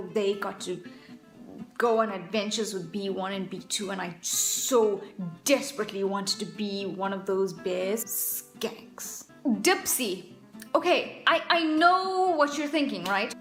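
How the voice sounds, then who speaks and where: A woman's voice: on the high side, fairly bright tone. A young adult woman vlogger talking in a playful, self-mocking, chatty way. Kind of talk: casual comic vlog. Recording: echoey room sound.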